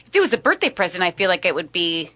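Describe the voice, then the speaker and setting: Young female radio co-host, bright, lower-pitched voice, casual frank banter. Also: quick pace. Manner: relaxed, chatty, frank. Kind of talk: casual morning show banter.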